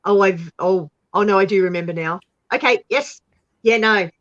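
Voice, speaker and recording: A woman's voice: mid-range voice, moderate pace, muffled recording. A woman with an Australian accent, hosting a casual live chat with viewers, giggly and chatty and a little congested from a cold. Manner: giggly, chatty, often laughing. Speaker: host.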